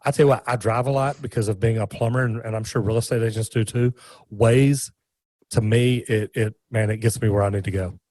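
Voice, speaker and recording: A man, a guest in a casual interview, telling stories in an animated, folksy way with many restarts. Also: on the low side, brisk, dry recording, poor audio. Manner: animated, folksy, repeats words.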